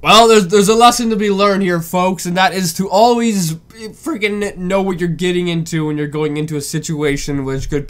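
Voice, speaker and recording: A man's voice: fairly high pitch, a bit bright. A young man giving casual reaction commentary, rambling and incredulous, often repeating himself.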